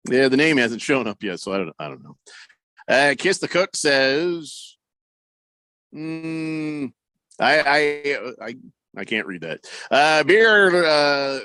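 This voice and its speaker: Animated joking male sports radio host. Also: fairly high pitch, slow pace, clean tone, dry recording. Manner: animated, joking, reads listener messages. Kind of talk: casual sports radio banter.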